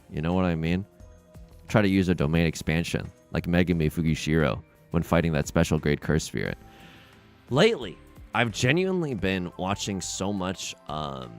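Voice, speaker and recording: A young man streaming a game, chatting in a rambling, self-deprecating way with sudden loud outbursts. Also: low-pitched. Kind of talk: casual livestream chat while gaming.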